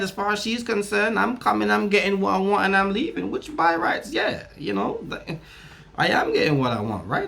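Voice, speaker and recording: A young man telling a crude story to camera, loud and animated, acting out both sides of an argument. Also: high voice.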